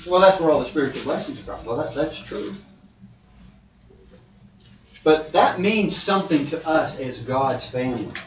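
A male preacher giving a sermon, animated and conversational, swinging from loud to quiet. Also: a little high, fairly quick. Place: church hall. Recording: dull, roomy, distant church hall.

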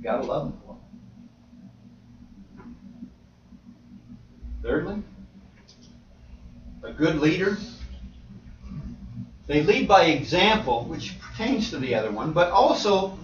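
A male preacher giving an animated sermon, with sudden loud exclamations. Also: a little high, measured pace, long pauses. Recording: roomy, distant, slightly dull.

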